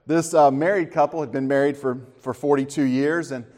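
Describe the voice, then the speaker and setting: A man's voice: a little high, brisk. A middle-aged man speaking to a church audience in a folksy, casual way, telling corny jokes before turning to a thankful devotional message. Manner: folksy, tells corny jokes with relaxed asides. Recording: long reverb of a large hall.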